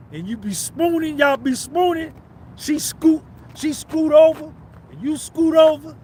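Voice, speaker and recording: A man's voice: very high voice, a bit bright, a little hiss or hum. A man with a New Jersey accent, hosting a casual livestream and rambling with viewers in profane banter. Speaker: livestream host.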